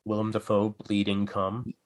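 A man's voice: fairly low pitch, monotone, moderate pace. A man co-hosting a podcast in casual chat, cracking crude jokes and teasing his co-host.

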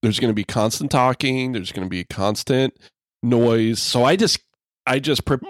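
A man's voice: mid-range voice, normal speed, dry recording, clean studio sound. A man co-hosting a podcast in casual chat, telling stories and agreeing, while he has the hiccups. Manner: chatty, agreeing, storytelling. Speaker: podcast co-host.

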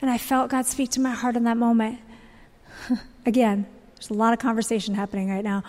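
A woman in her thirties tells her story in an earnest, heartfelt way, her voice sitting a little high. The sound carries a long reverb from a large church auditorium. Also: fairly even intonation, a little fast, mellow. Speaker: speaker sharing a testimony. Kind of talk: church testimony talk.

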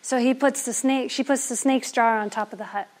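Lively woman telling a folktale. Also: on the high side, fairly quick. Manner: lively, animated, playful asides. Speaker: storyteller. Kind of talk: oral storytelling performance.

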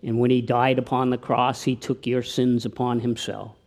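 A man's voice: medium pitch, little pitch movement, moderate pace. Earnest man preaching a sermon. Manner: earnest preaching, drops to a hushed, quiet tone for appeals; tells anecdotes, with slips and restarts. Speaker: pastor.

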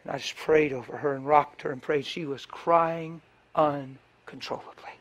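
An impassioned male pastor preaching with a fairly high voice. He swings from loud, driving bursts to hushed, close storytelling. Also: fairly even intonation, moderate pace. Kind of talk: sermon.

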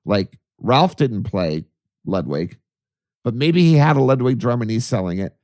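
Animated storytelling man, dry sound. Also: mid-range voice, moderate pace, no echo. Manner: animated, laughing, acts out his own excited voice. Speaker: podcast co-host, archivist. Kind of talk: casual storytelling.

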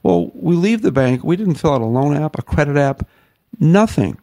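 A middle-aged man from the northern United States, a ministry founder telling his story in an interview, folksy and animated, acting out the quotes. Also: fairly high pitch, normal speed, no echo.

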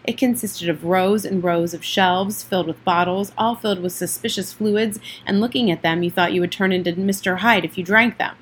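A woman reading a children's novel aloud in a plain, steady way, with the odd slip and restart. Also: on the low side, moderate pace, hardly any pauses, slight background noise. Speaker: audiobook reader.

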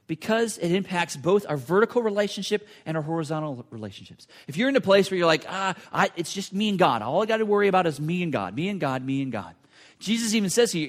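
A man preaching a sermon in an earnest, repetitive way, often restarting phrases and dropping to a hush for emphasis. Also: sits high. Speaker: pastor.

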